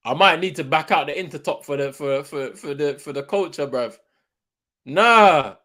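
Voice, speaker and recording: Excitable young man reacting live. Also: on the high side, fairly quick. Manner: excitable, slangy, repeats himself, swings from shouting to muttering. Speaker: watchalong host. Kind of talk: live football watchalong commentary.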